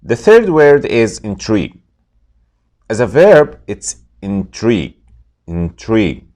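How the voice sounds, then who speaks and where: Lively low-voiced male English teacher. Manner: slow, careful, repeats each word for pronunciation. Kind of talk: scripted vocabulary lesson.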